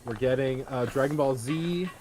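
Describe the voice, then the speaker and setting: A man's voice: medium pitch, normal speed, noisy background. A young man co-hosting a game stream, reading out chat comments in an easygoing, agreeable way. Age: young adult.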